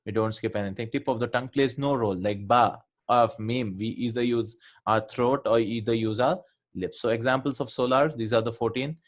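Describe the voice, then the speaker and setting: A man's voice: medium pitch, fairly even intonation, normal speed. A man teaching a revision lesson on Arabic letters and pronunciation, explaining step by step and often checking in with his students.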